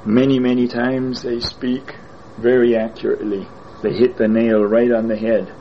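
A man preaching a sermon in a slow, deliberate way, repeating his phrases for emphasis. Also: mid-range voice, little pitch movement, muffled recording, slight background noise.

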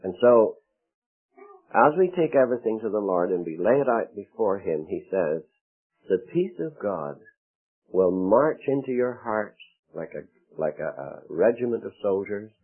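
A male preacher with a low, husky voice that rises and falls with great animation. He delivers his sermon with dramatic pauses and acts out the quotes. The sound is thin and tinny, like an old radio broadcast over a phone line. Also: very animated.

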